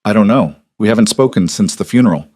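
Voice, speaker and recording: A man voicing a guarded, vulnerable brooding man who talks quietly with calm control. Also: lowish voice, fast, breathy edge. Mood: subdued.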